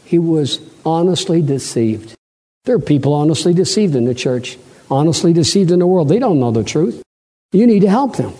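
A man preaching a sermon, acting out the voices in the scripture stories with big swings in pitch. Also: warm tone. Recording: long hall reverb.

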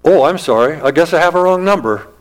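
A man's voice: on the high side, lively intonation, fast talker, pitched above the performer's own voice, lightly acted, rough recording. A man voicing a kindly older woman on the phone in a sermon story, speaking in a soothing, reassuring way.

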